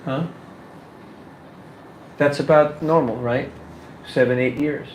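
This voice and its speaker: A man giving a casual workshop talk on book distribution, animated and full of rhetorical questions, laughing now and then. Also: medium pitch, slow pace, reverberant, a little hiss or hum, poor audio.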